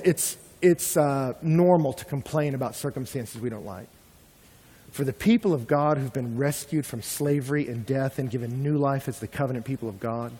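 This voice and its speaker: A man's voice: mid-range voice, slightly rough. Man preaching in a reverberant hall. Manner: animated preaching, acting out quoted complaints. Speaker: pastor. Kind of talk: sermon.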